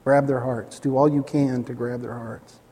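A man preaching a sermon as a pastor, telling stories animatedly and acting out the voices in them, jumping up to excited highs. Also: moderate pace, breathy edge. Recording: long hall reverb.

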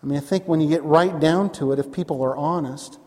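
A man's voice: fairly high pitch, a little fast, mellow, big-room sound. A man preaching a sermon as pastor, emphatic and repetitive, rising into bursts of emphasis.

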